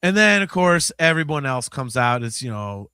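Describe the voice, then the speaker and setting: A man of about fifty, hosting a podcast in casual chat, animated and swearing freely, swinging between mumbling asides and loud outbursts. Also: medium pitch, moderate pace, smooth, no room sound, clean studio sound. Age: 50s. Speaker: podcast host.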